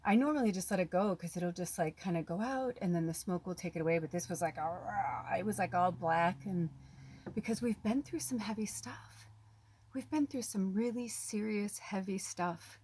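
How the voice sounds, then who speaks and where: A woman on the US West Coast making a casual vlog as a spiritual medium, chatting excitedly while unboxing a gift. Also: mid-range voice, normal speed, slight background noise. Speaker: spiritual medium and tarot reader. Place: at home, off-grid.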